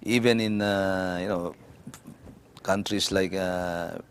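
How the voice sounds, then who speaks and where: A man's voice: low-pitched, fairly even intonation, slight background noise. A Filipino man, an older education official, answering interview questions formally with many fillers and a habit of ending points with "no?". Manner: halting, many fillers and tag "no?".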